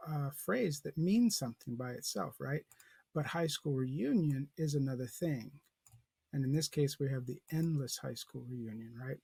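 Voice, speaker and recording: A man's voice: medium pitch, moderate pace, vocal fry, darkish tone, slightly rough, dry recording. A man teaching as a professor, talking his students through a poem in a loose, thinking-aloud way with many fillers and restarts. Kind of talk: poetry lecture with a read-aloud.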